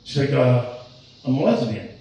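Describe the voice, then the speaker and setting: A gravelly, warm male voice of medium pitch, moving at a moderate pace with large pitch swings, delivers a crude open-mic stand-up routine. The comic, in his late forties, rambles, swears, and keeps cutting himself off, recorded from afar in an echoey space.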